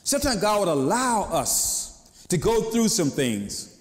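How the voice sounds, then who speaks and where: A man's voice: sits high, sing-song, a little slow, in a large hall. A man preaching a sermon in a conversational way, sometimes acting out the voices of people he quotes. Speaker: pastor.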